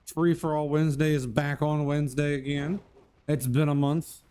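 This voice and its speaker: A man's voice: fairly high pitch, flat delivery, normal speed, dark tone, clean tone. A man streaming live and hosting his channel, chatting casually in a rambling, goofy way and greeting viewers by name.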